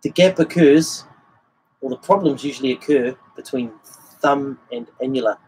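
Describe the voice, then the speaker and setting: Speaking at an ordinary pace in a mid-range, somewhat dark voice, a male guitar teacher explains the technique and sings rhythms as syllables in a casual livestream. Guitar plays behind him, and the low-quality recording carries slight hiss or hum.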